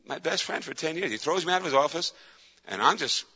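Bright-voiced man preaching in an echoey hall. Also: fairly high pitch, animated, fairly quick, slightly rough. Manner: emphatic, repetitive preaching. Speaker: pastor. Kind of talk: sermon. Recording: echoey hall, dull lo-fi sound.

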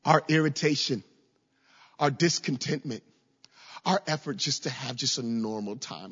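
A male preacher delivering a sermon in a storytelling way, repeating words as he builds and now and then lifting into a shout. His voice is mid-pitched and carries through a roomy hall with a long echo. The recording is dull and lo-fi. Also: a little slow, pauses often, husky. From Virginia, USA. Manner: storytelling, with frequent stammered repeats and rising shouts. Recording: echoey hall, dull lo-fi sound.

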